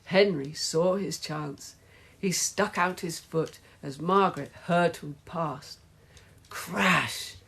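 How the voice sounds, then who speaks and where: A woman reading a children's storybook aloud in slow, measured storytelling. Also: lowish voice, a bit bright, slightly rough. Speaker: narrator.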